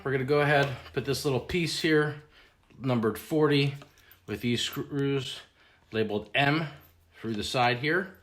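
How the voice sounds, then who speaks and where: Deadpan joking man in echoey room. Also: mid-range voice, unhurried. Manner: mock-serious, deadpan humor about a toy kitchen. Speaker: realtor hosting a home renovation video. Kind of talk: joking do-it-yourself walkthrough.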